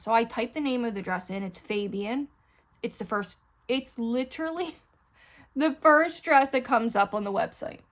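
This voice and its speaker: A woman's voice: on the high side, normal speed. A middle-aged woman chatting candidly to her viewers at home while she does her makeup, rambling and talking to them directly, close to the camera. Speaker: beauty vlogger. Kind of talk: casual get-ready-with-me chat.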